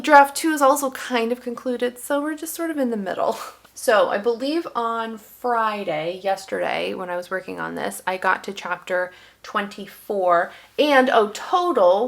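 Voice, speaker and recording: A woman's voice: a little high, fairly bright tone. Woman vlogger, casual home chat about her writing, rambling and chatty, talks with fillers. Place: at home, indoors. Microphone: headphones on, desk setup.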